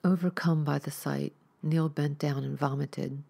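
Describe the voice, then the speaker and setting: Low gravelly woman narrating horror. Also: steady tone, a little slow, dark tone. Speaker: horror story podcast host.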